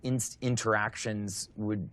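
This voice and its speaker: A man's voice: fairly low pitch, fairly even intonation, slow pace, a bit bright. A man interviewed in a documentary, answering in a hesitant, careful way.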